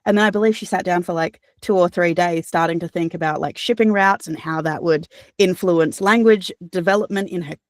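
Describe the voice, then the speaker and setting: An Australian woman, a voice actor and audiobook narrator, answering interview questions in a chatty, animated way with fillers and restarts. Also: fairly low pitch, fairly quick, hardly any pauses, no echo, studio quality.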